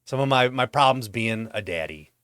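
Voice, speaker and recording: A man hosting his own vlog, telling a comedic monologue at home in a profane, exasperated rant with animated swings in his delivery. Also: mid-range voice, normal speed, very noisy. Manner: profane ranting. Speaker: vlog host.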